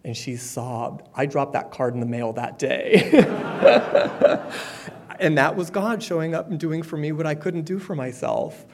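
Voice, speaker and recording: A middle-aged man giving a personal testimony at a support meeting, candid and conversational, with fillers and the odd soft laugh. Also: fairly high pitch, lively intonation, a little slow, noisy background. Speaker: speaker sharing his recovery story.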